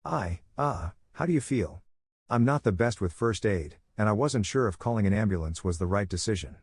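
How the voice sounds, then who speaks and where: A man's voice: fairly low pitch, animated, normal speed, a little mellow, slightly rough, dry recording. A man doing a jittery, unsure young guy. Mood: nervous. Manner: nervous, unsure, trailing questions.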